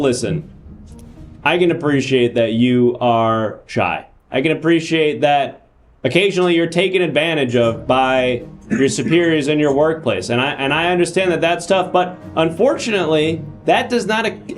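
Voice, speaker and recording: A man hosting an improvised comedy show as a judge, mock-stern and exasperated, often laughing. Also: on the high side. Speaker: host playing a judge. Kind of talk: improvised comedy role-play.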